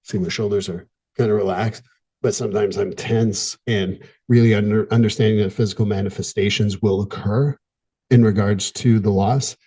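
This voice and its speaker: A middle-aged male therapist speaks in a podcast monologue, earnest and candid, pausing often. His voice sits low and dark, with a husky edge. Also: steady tone. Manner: earnest, candid, pausing, gets emotional at times.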